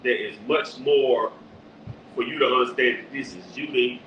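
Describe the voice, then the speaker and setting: A man preaching forcefully on the street, teaching from scripture and directing a reader. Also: medium pitch, moderate pace. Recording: echoey, distant, dull lo-fi with faint noise.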